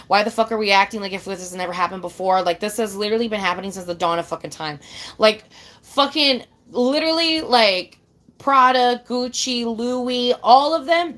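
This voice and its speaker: A woman's voice: medium pitch, fairly bright tone. A woman ranting casually to her camera, swearing often, repeating herself for emphasis and calling the listener babe. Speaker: vlogger.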